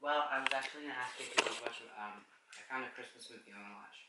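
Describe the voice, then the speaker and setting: A man's voice: mid-range voice, very fast. A man chatting casually at home with his partner, giving short, laid-back replies. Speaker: vlogger's partner. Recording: echoey room with background noise.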